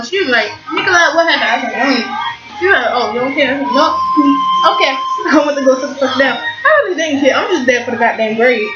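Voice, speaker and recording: High-pitched teen girl rambling and cussing, echoey and kinda muffled. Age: teens. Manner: excitable, rambling, swears freely. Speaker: vlogger. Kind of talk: casual storytelling. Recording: echoey, muffled, loud music behind.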